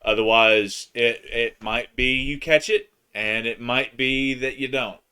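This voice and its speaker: A man co-hosting a casual live stream, excitable and playful, with loud joking bursts. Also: mid-range voice, measured pace, clear, resonant tone.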